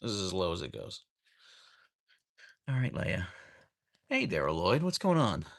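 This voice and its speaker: A man's voice: sits low, wildly swooping pitch, unhurried, vocal fry. A man hosting a casual livestream from home, greeting viewers by name and reading their comments aloud. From United States. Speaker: livestream host reading chat. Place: home, rainy day. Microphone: camera on a tripod.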